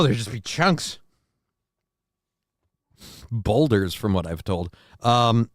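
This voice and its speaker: A man's voice: mid-range voice, a bit bright, no echo. A man hosting a live stream, a father, talking in a rambling, crude, joking way while congested from a sinus infection. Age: adult, father of a six-year-old. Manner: rambling, crude and joking, often sneezing and sniffing. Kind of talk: casual live-stream chat. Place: home basement room. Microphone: desk mic close to the face.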